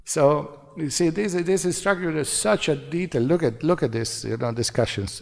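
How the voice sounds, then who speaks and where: A man's voice: a little high, darkish tone. A man giving a devotional seminar lecture in short, repeated phrases, asking his listeners rhetorical questions. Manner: asks the audience rhetorical questions. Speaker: seminar speaker. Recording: long hall reverb.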